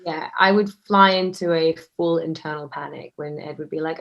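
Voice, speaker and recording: A woman's voice: lowish voice, fairly even intonation, moderate pace. A woman, an actor answering questions casually, chatty with lots of fillers and restarts. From Australia. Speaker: actor, interview guest.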